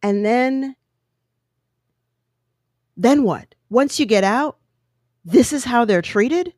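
A woman's voice: on the high side, lively intonation, slow, a little mellow, no echo, clean studio sound. A woman giving an impassioned, indignant opinion monologue, full of rhetorical questions.

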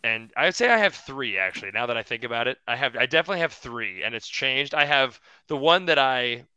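Young man, wrestler on a podcast, animated storyteller, bright tense voice, dry close sound. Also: mid-range voice, fast, smooth, dry recording, muffled recording. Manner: animated storyteller, lots of restarts and laughs. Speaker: podcast guest, pro wrestler. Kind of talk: casual podcast chat.

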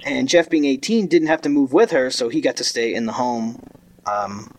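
A man's voice: mid-range voice, normal speed, a little mellow, low-quality recording. A man co-hosts a loose, casual true-crime podcast, cracking crude jokes and swearing freely as he tells the story. His voice sits in the middle of the male range. A faint hum of room noise sits behind him. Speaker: podcast co-host.

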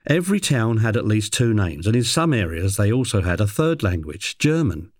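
A man's voice: very animated, moderate pace, a little mellow, no echo. Dry-voiced man telling a wry anecdote. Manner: mimics a parrot in a high voice. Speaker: animal handler telling a story. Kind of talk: personal anecdote narration.

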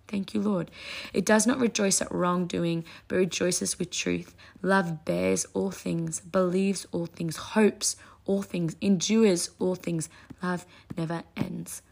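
A woman giving an excited, casual devotional talk at home, reading scripture aloud and gushing over it. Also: mid-range voice, gravelly, slightly rough. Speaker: Christian mom vlogger teaching the Bible. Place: home kitchen.

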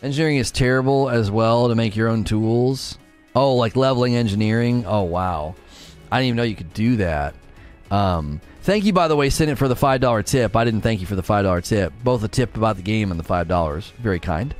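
A man's voice: brisk, faint music behind. A man chatting casually on a live stream while playing a game, reading viewer messages aloud and answering them. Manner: chatty, reads chat aloud, animated swings in pitch.

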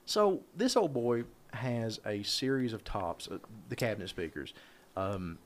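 A man telling a long, rambling story in casual podcast chat, animated and swearing freely. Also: on the low side, measured pace.

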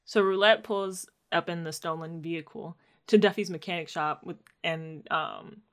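A woman's voice: fairly low pitch, normal speed. A woman co-hosting a casual chat, telling the story of an episode with emphatic, blunt reactions. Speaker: podcast co-host recapping a TV episode.

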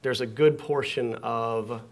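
A man talking casually at home, thinking out loud and tripping over his own words. His voice sits at an ordinary middle pitch. The pace is unhurried and conversational. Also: fairly even intonation. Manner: halting, repeats words while thinking aloud. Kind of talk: casual conversation in a living room. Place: living room.

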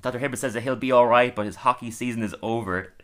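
A man's voice: medium pitch, fast talker, a bit bright. A young man co-hosting a casual review podcast, chatty, often laughing and acting out quoted lines. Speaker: podcast co-host.

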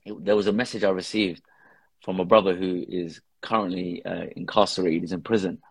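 In a casual podcast chat, the father who films videos with his daughter earnestly tells a personal story, mixing in Arabic religious phrases. He speaks a little fast with a steady tone, his low voice slightly rough, on a dry recording.

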